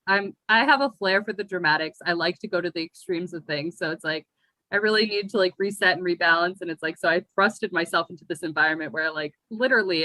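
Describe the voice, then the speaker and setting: A woman's voice: lowish voice, sharp tone, no room sound, rough recording. A young woman from the United States, chatting casually as a guest poet with lots of fillers. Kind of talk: casual conversation. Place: remote call from abroad.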